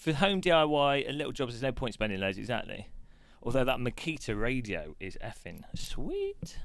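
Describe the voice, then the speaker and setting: A man's voice: mid-range voice, wildly swooping pitch, fairly quick, few pauses, no room sound. A middle-aged man streaming live, chatting and joking at his own expense while he fits out a sim rig. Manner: chatty, self-mocking, laughs often.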